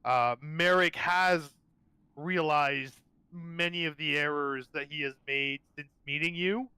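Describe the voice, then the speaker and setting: A man's voice: on the high side, slow pace, sharp tone, clear, resonant tone, no echo, poor audio. A man playing a tabletop game, describing his character's actions in a rambling way. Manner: rambling, full of fillers and restarts. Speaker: player.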